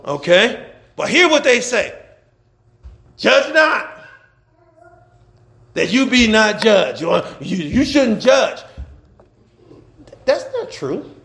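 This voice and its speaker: A male pastor preaches, his voice high and swinging widely in pitch. He laughs and shouts as he drives his points home. The echoey church room rings around his words. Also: slow pace, vocal fry, long pauses. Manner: animated, laughing, shouting at times. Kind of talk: sermon.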